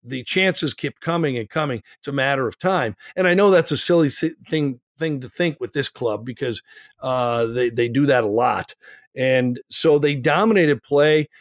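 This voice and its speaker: A man co-hosting a soccer podcast, talking through a match in casual chat and getting animated when he makes a point. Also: moderate pace, no echo, studio quality. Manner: animated, rises in pitch when making a point.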